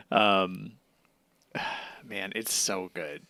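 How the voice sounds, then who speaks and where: A man co-hosting a podcast, chatting casually with quick reactions and frequent laughs. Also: deep voice, no echo. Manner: lively, laughs often, short reactions. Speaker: podcast co-host. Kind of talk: casual chat.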